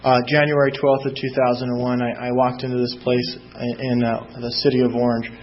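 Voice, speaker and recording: A man speaking at a recovery meeting, telling his story in a halting way with many fillers and restarts. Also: mid-range voice, level tone, dull audio, slight background noise. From Southern California.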